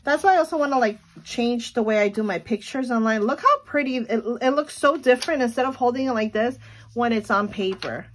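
A woman's voice: fairly high pitch, expressive, a little fast. A woman in her thirties chatting casually at home as she vlogs about running her small sticker shop, with lots of fillers and small laughs. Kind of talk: casual vlog chat.

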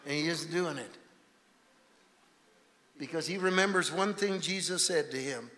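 A man preaching a revivalist sermon as a guest preacher in a church, swinging from shouting to hushed intensity. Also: high-pitched, measured pace. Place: church sanctuary. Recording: reverberant church hall, faint room noise.

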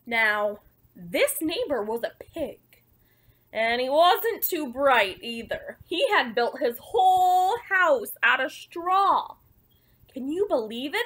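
Taking on the wolf's first-person voice, a woman reads a picture book aloud slowly and at a high pitch. She stays playful and expressive, breaking off now and then for chatty remarks to the audience.

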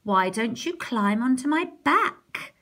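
A woman's voice: fairly high pitch, big pitch swings, slow, bright, forceful tone, heavily acted. Woman doing a sly coaxing fox. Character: sly smirking male fox.

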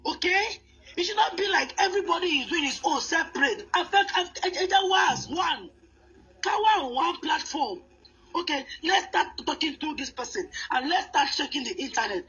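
A woman's voice: high voice, lively intonation, normal speed, sharp tone, low-quality recording. A woman hosting a commentary show, speaking earnestly with many restarts and fillers. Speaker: host. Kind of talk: commentary on celebrity news.

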